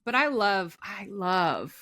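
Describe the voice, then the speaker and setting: A woman co-hosts a casual podcast at an ordinary middle pitch. She chats easily, laughs often and reads posts aloud in a relaxed, conversational way. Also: slow pace, creaky. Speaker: podcast co-host.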